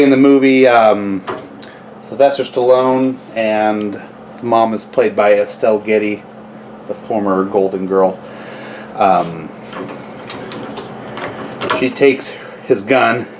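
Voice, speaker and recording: A man's voice: fairly low pitch, fairly even intonation, slow pace, pauses often, darkish tone, a little hiss or hum. A man talking casually through a home how-to vlog, rambling into chatty asides as he works in his kitchen. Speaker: gun owner vlogger.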